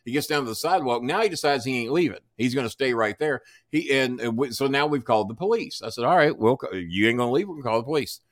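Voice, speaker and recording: A man's voice: medium pitch, expressive, fast talker, hardly any pauses, dry recording, studio quality. A man telling a long story as a podcast guest, swearing freely and acting out each person's lines. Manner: profane, acts out dialogue in voices. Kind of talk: animated storytelling.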